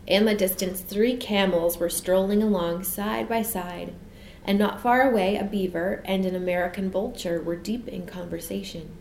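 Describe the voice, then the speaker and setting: A woman narrating a children's storybook in a gentle, measured way. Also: mid-range voice, steady tone, creaky. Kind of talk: storybook reading. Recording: echoey room, faint noise.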